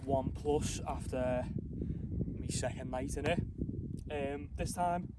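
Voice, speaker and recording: On a mountain campsite one morning, a camping vlogger talks to the camera in a chatty, self-deprecating way, rambling a little. His voice is medium-pitched and slow, and the recording is very noisy.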